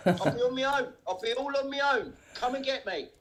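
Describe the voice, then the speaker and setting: A man's voice: extremely high pitch, brisk, fairly bright tone, poor audio. A man ranting angrily on a livestream, swearing and taunting. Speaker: livestream host. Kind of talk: angry livestream rant.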